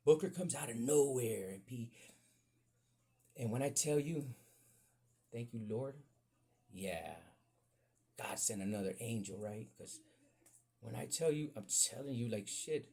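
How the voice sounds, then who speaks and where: A man hosting a podcast, telling a profane, animated story in casual talk that jumps up high when he gets excited. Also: a little slow, long pauses, husky. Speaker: podcast host.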